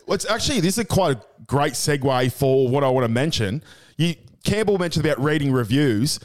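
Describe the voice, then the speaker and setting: A young Australian man co-hosting a podcast in casual chat, blokey and quick to swear and laugh. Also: fairly high pitch, expressive. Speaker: podcast co-host.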